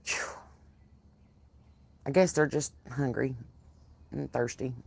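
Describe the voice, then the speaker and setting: This woman's voice is extremely low with vocal fry, and she speaks at a slow pace. A podcast host from the Southern US, she hosts a casual live chat outside on her porch, telling animated stories packed with salty language and swearing.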